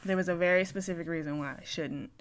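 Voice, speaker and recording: A young woman tells her own story on a podcast, frank and loose, with plenty of swearing. She plays out both sides of old conversations, dropping to quiet asides and then rising to loud outbursts. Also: on the low side, fairly even intonation, quick pace. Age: young adult. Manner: swings from quiet mumbles to loud bursts. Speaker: podcast host. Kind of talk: candid personal storytelling.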